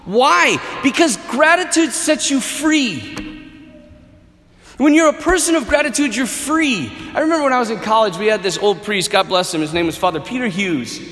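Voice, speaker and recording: Male preacher, earnest and wry, lively high voice, big echoing hall. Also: normal speed. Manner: animated, earnest, with wry humor. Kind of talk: sermon. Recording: echoey hall with long reverb.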